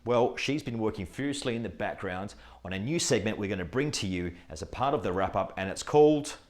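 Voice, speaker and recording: A man's voice: on the low side, animated, brisk, darkish tone, slight background noise. Upbeat male corporate show host.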